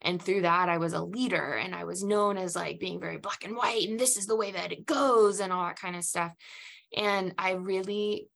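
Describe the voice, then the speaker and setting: A woman who grew up in Southeast Asia, telling a personal faith story as a podcast guest in an earnest, reflective way with halting restarts. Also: fairly low pitch, fairly even intonation, creaky, a bit bright.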